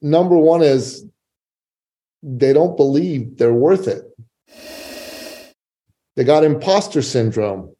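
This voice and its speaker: A man telling a story as a guest in a podcast interview, animated and emphatic. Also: on the high side, slow pace, pauses often. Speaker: guest, business coach and author.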